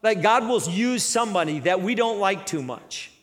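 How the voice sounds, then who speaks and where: A man preaching a sermon, retelling a scripture story with lively energy and frequent asides. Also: high-pitched, normal speed, in a large hall. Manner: energetic, acts out characters, frequent "right?".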